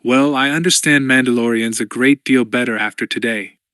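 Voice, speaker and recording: A man's voice: medium pitch, steady tone, moderate pace, a bit bright, clean tone, dry recording, studio quality, close to an everyday voice. A man reading the part of a composed, resilient woman who speaks wryly.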